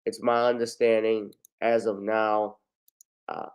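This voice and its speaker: A man hosting his own video, talking through a news story in loose, profane casual commentary that often trails off quietly. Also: fairly low pitch, flat delivery, slow pace, smooth. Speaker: vlog host.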